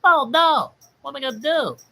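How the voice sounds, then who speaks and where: A man voicing a whiny male baseball player cramping up, in a high, strained whimper. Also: lively intonation, a little fast, creaky, sharp tone, a little hiss or hum, heavily acted.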